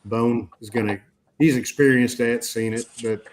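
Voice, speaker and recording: A man's voice: medium pitch, fairly even intonation, moderate pace, a little hiss or hum. A man in his fifties hosting a casual group podcast chat. He tells a personal story in a rambling way, with many restarts, fillers and casual swearing. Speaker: podcast host.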